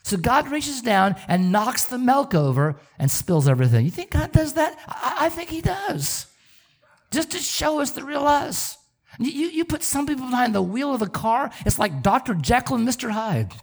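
A man's voice: extremely high pitch, moderate pace. A middle-aged man preaching a sermon as pastor, repeating words as he talks and asking the congregation rhetorical questions. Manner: animated, stammering repetitions, rhetorical questions.

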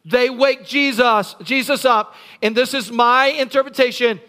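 A man preaching a sermon as pastor in a church, telling a Bible story with lively acted-out scenes and bursts of shouting. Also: very high voice, unhurried.

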